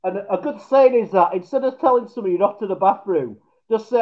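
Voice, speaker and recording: Yorkshire man with a high voice, loose rambling banter, muffled lo-fi recording. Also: fast talker, a little mellow. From England. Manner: laughs often, rambling with restarts. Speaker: podcast guest. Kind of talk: casual banter.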